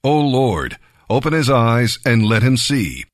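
A man voicing a calm, confident prophet in a Bible reading, speaking slowly and evenly. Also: medium pitch, dry recording, studio quality.

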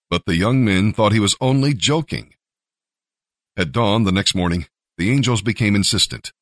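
A man narrating a scripture story with expressive storytelling. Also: fairly low pitch, normal speed, dry recording, clean studio sound. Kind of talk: scripture reading.

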